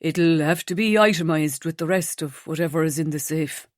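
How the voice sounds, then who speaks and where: A woman narrator voicing a shy, gentle young man who speaks softly and hesitantly. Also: deep voice, normal speed, no echo, clean studio sound, voice pushed down, lightly acted. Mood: shy, tender.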